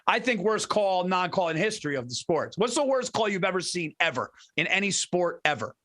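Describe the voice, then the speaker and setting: A man with a fairly high voice chats loosely on a podcast, his sentences full of restarts and constant "dude"s. His delivery is relaxed and conversational, like a friend talking sports. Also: brisk. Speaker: podcast co-host. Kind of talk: casual chat.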